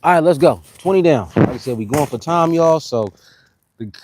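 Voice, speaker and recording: Laid-back Californian guy, lively pitch. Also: normal speed, slight background noise. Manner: laid-back slang, talks between exercise sets, shouts out viewers. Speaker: fitness streamer. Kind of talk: casual live-stream workout chat.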